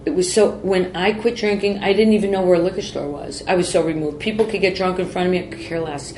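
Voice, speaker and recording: Woman guest, low voice, emotional and rambling, candid interview in a roomy space. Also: fairly even intonation, fast talker, darkish tone. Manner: emotional, rambling, repeats phrases. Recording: roomy with faint background noise.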